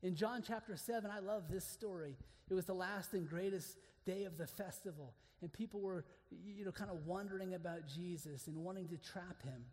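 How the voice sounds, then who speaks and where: A man preaching an earnest sermon to other men, moving between hushed, intimate passages and emphatic declarations. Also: high voice, moderate pace, hardly any pauses, in a large hall.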